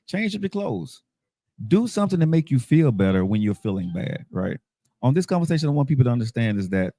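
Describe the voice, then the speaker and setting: A man's voice: mid-range voice, a little mellow, dry recording. A man in his fifties hosting a livestream talk show, upbeat and motivational, ending his lines with "right?". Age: 50s. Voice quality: bald-headed. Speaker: host.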